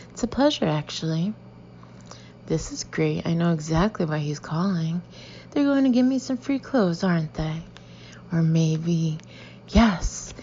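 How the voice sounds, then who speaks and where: A woman narrating a first-person audiobook expressively, with lively, dramatic delivery and whispered asides. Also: fairly low pitch, lo-fi sound, a little hiss or hum.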